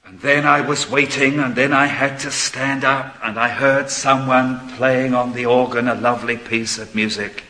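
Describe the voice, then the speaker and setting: An older man preaching a sermon, moving between quiet, confiding asides and ringing, emphatic proclamation. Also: medium pitch, fairly even intonation, normal speed, hardly any pauses. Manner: swings from soft confiding asides to emphatic declamation. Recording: long hall reverb.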